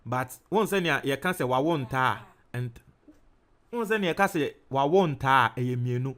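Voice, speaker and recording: A man's voice: medium pitch, lively intonation, moderate pace, fairly bright tone. A young adult man with a Ghanaian accent giving news commentary, mixing Twi and English, and explaining his points by repeating them.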